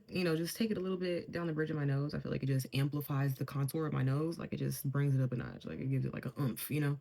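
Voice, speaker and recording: Chatty woman telling a storytime. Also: fairly low pitch. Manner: chatty, animated, laughing asides. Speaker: beauty vlogger. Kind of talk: casual storytime while doing makeup.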